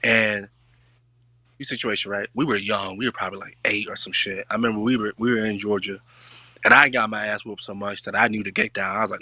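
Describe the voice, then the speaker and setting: A man hosts a relaxed group conversation, animated and quick to joke. His voice is bright and forward, set a bit low. The recording is close and dry. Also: dry recording. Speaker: podcast host. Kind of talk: casual chat.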